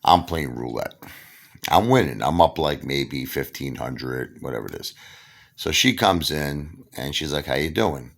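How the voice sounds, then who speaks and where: A man tells a casual story to camera. His very deep, gravelly voice swings widely in pitch as he acts out every line of dialogue himself. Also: expressive, a little slow. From Brooklyn, New York. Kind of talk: casual anecdote told to camera.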